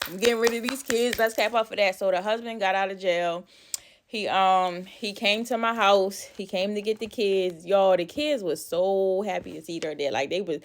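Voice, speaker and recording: A woman vlogger chatting casually through a gossipy story, acting out what people said, recorded on her phone. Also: mid-range voice. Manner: animated, talkative, acts out quoted dialogue.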